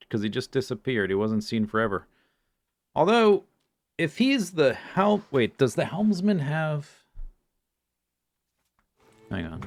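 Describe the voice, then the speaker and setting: A man's voice: mid-range voice, vocal fry, no echo. A man streaming a puzzle game, thinking aloud and muttering to himself in casual commentary. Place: home streaming setup.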